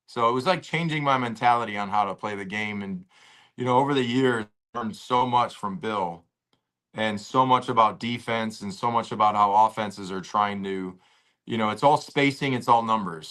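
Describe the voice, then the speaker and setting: A man, a former pro football player, telling stories in a casual podcast interview, animated and loose with slangy talk, at home. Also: medium pitch, normal speed. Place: at home with a dog nearby.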